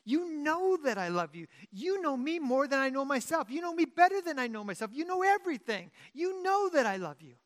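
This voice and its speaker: A grieved apostle pleads with a high, urgent voice that climbs with each sentence, as a preacher puts him on. He is emphatic and insistent, pressing his point over and over. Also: very animated, a little fast, hardly any pauses. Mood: pleading.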